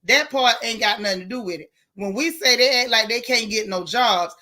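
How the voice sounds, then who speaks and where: Woman ranting casually to her live chat, bright sharp voice, blunt and animated. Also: fairly high pitch, normal speed. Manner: outspoken, animated, colloquial, talks back to the chat. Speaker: live-stream host reading viewer comments. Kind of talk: casual live-stream commentary.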